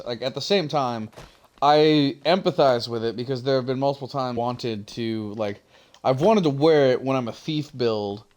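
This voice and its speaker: A young man streaming a game, chatting casually and telling a rambling, profane story. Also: mid-range voice. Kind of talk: casual chat while gaming.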